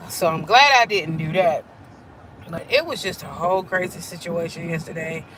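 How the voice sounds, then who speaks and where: A woman's voice: on the low side, normal speed, crowd noise. A middle-aged woman, chatting with viewers during a live stream and acting out the voices in her story. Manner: animated, acts out quoted voices.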